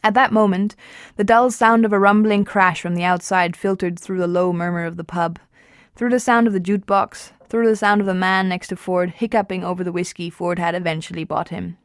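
A woman reading a novel aloud at an even pace, with small slips and restarts. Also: on the low side, brisk, no room sound, clean studio sound. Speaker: reader.

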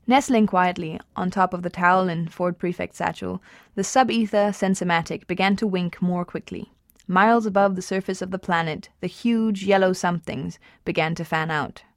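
A woman reading a novel aloud at an even pace, with small slips and restarts. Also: lowish voice, normal speed, no room sound, studio quality. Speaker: reader.

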